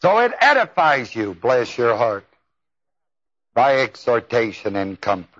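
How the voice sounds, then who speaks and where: A man's voice: medium pitch, big pitch swings, measured pace, a bit bright. A man preaching a sermon in a folksy, emphatic way, with exclamations. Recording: dull lo-fi tape.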